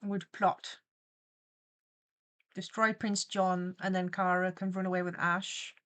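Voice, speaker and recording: A woman's voice: fairly low pitch, level tone, moderate pace, fairly bright tone, clean tone. A young woman, chatting casually on a livestream as she animates, playfully spinning theatrical mock-villain tangents. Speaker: streamer and animator.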